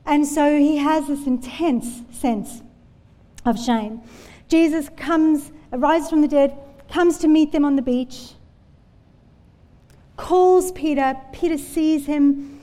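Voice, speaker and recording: A woman preaches a sermon in a church hall, telling Bible stories in an earnest, conversational manner. Her warm voice sits high, and she speaks slowly with frequent pauses, under long hall reverb.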